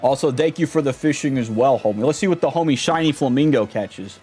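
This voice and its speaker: A man's voice: mid-range voice, fairly quick, darkish tone, faint music behind. Laid-back slangy streamer guy. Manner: laid-back, slangy, greeting chat by name. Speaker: livestreamer. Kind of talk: casual live-stream chat.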